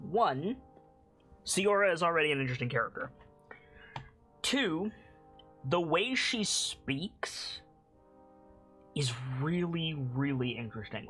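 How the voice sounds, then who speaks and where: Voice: medium pitch, a bit bright, rough recording. A game streamer casually commenting on gameplay and reading game text aloud.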